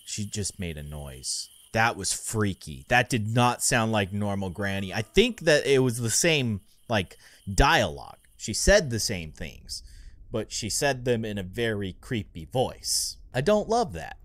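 A man's voice: on the low side, very animated, measured pace, a bit bright, no echo. A young man hosting a gaming channel, rambling through let's play commentary and getting easily spooked.

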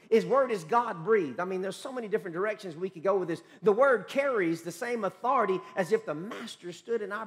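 A man pastor preaching a sermon, quoting scripture rapidly, calling on the congregation to repeat after him, and breaking into excited shouts. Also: high-pitched. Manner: emphatic preaching with rapid scripture quotes and call-and-response.

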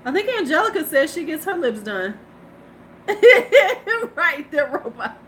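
Lively chatty woman on a live stream. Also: high-pitched, slow. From United States. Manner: chatty, laughing, greets viewers, mimics people in a flat voice. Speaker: beauty vlogger hosting a live stream. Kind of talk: casual live-stream chat.

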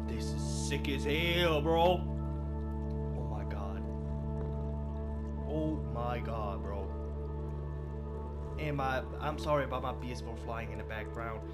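A man hosting a let's play, excitable and slangy, swearing freely and calling everyone bro and man. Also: sits high. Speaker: gaming channel host. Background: game music.

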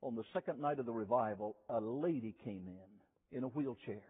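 A man preaching a sermon, telling stories slowly and emphatically, repeating key phrases. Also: medium pitch, husky. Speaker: revival preacher. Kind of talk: sermon with storytelling. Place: chapel. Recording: tinny lo-fi chapel recording with long reverb.

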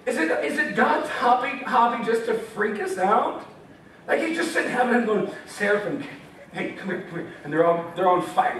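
A man's voice: very high voice, normal speed, noisy background. A young man giving a casual, joking sermon with scripture reading, acting out voices as he tells the story. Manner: animated, jokey, acts out voices of God and Gideon. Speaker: campus ministry speaker. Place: meeting hall. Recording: echoey hall, from far off.

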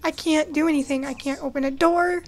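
A woman's voice: high-pitched, fairly even intonation, a little fast. A young woman hosting a let's play, talking back to the game with frantic apologies and pleas. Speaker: gaming channel host.

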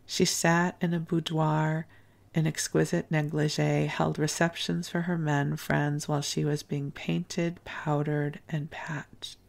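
A woman reading the lines of a kindly, proper older matron, in a gentle, soft-spoken way. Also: low voice, little pitch movement, slow, creaky, heavily acted. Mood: firm.

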